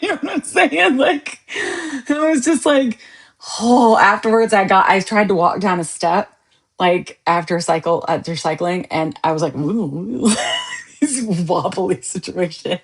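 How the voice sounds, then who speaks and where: A woman's voice: medium pitch, normal speed. A woman podcast host chatting casually with viewers on a live stream, joking and laughing often. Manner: animated, laughs often, jokey asides.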